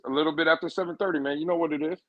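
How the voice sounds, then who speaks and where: A man's voice: on the high side, fairly even intonation, very fast, dry recording, lo-fi sound. A man co-hosting a live-streamed football show, speaking bluntly and with dry humor. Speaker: podcast co-host. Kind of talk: casual live-stream chat.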